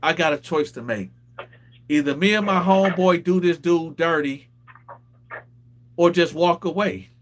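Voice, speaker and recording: A man hosting a casual talk show, telling a street story with lively acted-out quotes. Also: on the high side, unhurried, long pauses, slight background noise. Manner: animated storyteller, acts out quoted voices. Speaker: host.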